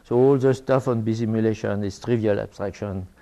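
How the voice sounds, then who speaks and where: A man's voice: on the low side, fairly even intonation, mellow. An older French man giving an academic talk in English, with many fillers and restarts. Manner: halting, with frequent fillers and restarts. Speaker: lecturer.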